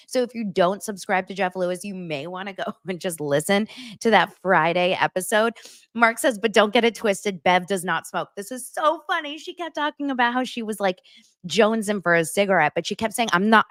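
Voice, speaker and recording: A woman's voice: medium pitch, lively intonation, brisk, fairly bright tone, no room sound, studio quality. A woman hosting a podcast, chatting casually and gossiping about pop culture, often laughing as she talks. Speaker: podcast host.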